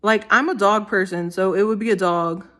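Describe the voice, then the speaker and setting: A woman's voice: medium pitch, fairly even intonation, moderate pace, a bit bright. A tired young woman vlogging casually, giddy and giggly, rambling with many restarts.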